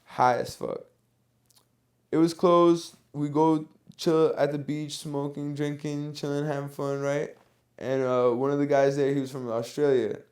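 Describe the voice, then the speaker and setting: A man hosting a podcast, telling a story in casual chat, animated and swearing freely. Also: on the high side, a little slow, smooth. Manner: animated, swears often, slangy. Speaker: podcast host.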